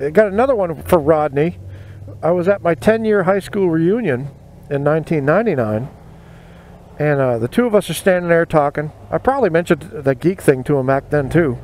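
A man's voice: fairly high pitch, animated, fairly quick. A man in his forties telling self-mocking stories while riding a motorcycle, recorded on a helmet mic. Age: 40s. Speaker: motorcycle vlogger. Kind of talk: casual storytelling while riding. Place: on a motorcycle in city traffic outdoors. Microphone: helmet-mounted mic. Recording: loud traffic and road noise.

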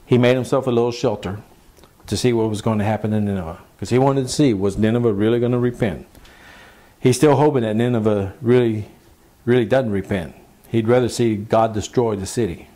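A man's voice: medium pitch, moderate pace, pauses often, dark tone. A man preaching a sermon, asking rhetorical questions and reading scripture aloud. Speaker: pastor.

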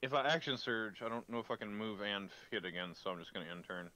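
A man's voice: on the low side, fast, pushed and bright. A man playing a game with friends, explaining rules and his moves in casual chat. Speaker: co-player.

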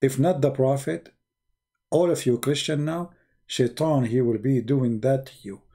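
Male debater, husky tone, mocking sarcastic monologue, theatrical swings. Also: medium pitch, fairly even intonation, measured pace, mellow. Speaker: online religious debater.

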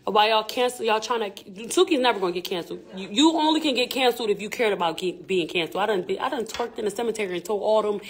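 A woman's voice: medium pitch, fast talker, few pauses. A woman rapper, talking candidly and emphatically on a live stream in repetitive street slang.

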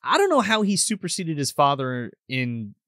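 A man co-hosting a casual movie recap who swears freely and acts out scenes as he goes. His pitch swings widely. The sound is dry and close. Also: moderate pace, no room sound. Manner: profane, animated, acts out scenes. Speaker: podcast co-host.

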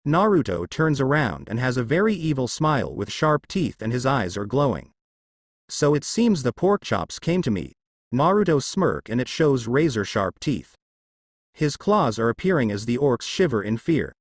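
A man narrating a fanfiction story in an animated reading voice. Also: mid-range voice, moderate pace, no room sound, studio quality.

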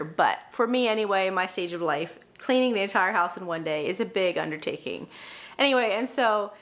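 Chatty young mom, filler-heavy. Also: female voice, medium pitch, a bit bright. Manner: chatty, frequent "like" fillers, self-deprecating asides. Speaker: vlogger and mom. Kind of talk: casual talk to camera while cleaning.

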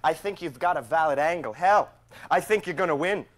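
A man playing a smarmy, high-voiced lawyer. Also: brisk, lightly acted. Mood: persuasive. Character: slick smarmy male lawyer. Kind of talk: stage drama dialogue.

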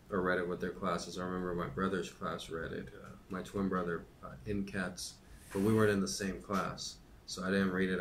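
A man's voice: low-pitched, slight background noise. A man hosting a podcast, chatting casually with many fillers and then reading a children's book aloud. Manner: relaxed, hesitant, many fillers.

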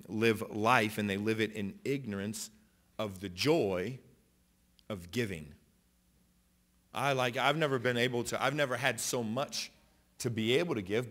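A man preaching a sermon as pastor in a church auditorium, impassioned, moving between loud declarations and quiet storytelling, with frequent restarts and repeated phrases. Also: mid-range voice.

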